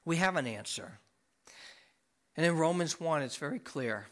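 A middle-aged man preaching a sermon, impassioned, swinging from loud, high emphasis to low, quiet tones and repeating words as he presses his points. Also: expressive, moderate pace, long pauses.

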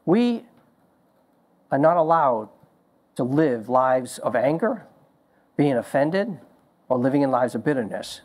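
A man preaching a sermon as a pastor, telling stories in slow, emphatic phrases. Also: mid-range voice, darkish tone.

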